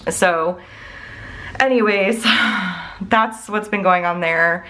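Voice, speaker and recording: A woman's voice: fairly low pitch, slow, fairly bright tone. A woman vlogger and mom chatting casually to her viewers. She rambles candidly and sounds worried, filling her talk with "like" and "I don't know.".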